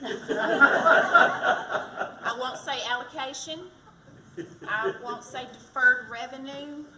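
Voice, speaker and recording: Over a loud crowd, a woman with a steady, high-sitting voice speaks slowly. She's giving a chatty, self-deprecating speech in her run for county treasurer at a fire department community event. The mic is distant, so the recording is echoey and noisy.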